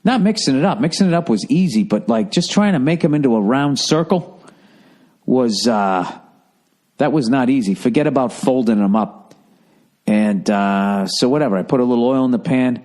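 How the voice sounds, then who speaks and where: A man in his fifties with a Boston accent, hosting a podcast and telling a profane, animated comedic story. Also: medium pitch, moderate pace. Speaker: podcast host. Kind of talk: casual comedic monologue.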